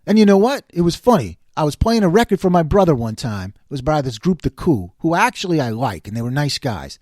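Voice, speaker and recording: Older man, sarcastic rant, lively swooping voice, dry close sound. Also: fairly high pitch, fairly quick, no room sound. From New York City area. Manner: animated, sarcastic, exasperated complaining. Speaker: commentary show host. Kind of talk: casual ranting monologue.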